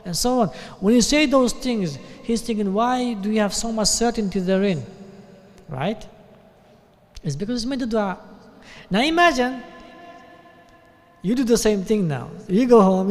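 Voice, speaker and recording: A man with a British accent giving a sermon at a mosque, talking conversationally and often checking in with a quick "yeah?". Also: high voice. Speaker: sheikh giving a talk. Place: mosque hall. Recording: long hall reverb.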